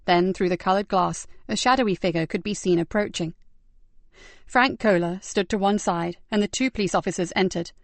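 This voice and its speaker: A woman's voice: medium pitch, normal speed, no echo. A woman narrating a crime novel as an audiobook reader.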